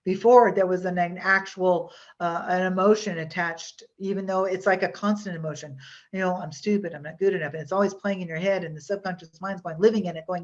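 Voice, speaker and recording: A woman with a fairly low voice teaches a hypnosis workshop in a loose, chatty way. She rambles and restarts often, filling gaps with ums. The sound is dull and lo-fi, like audio from an online call. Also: a little fast.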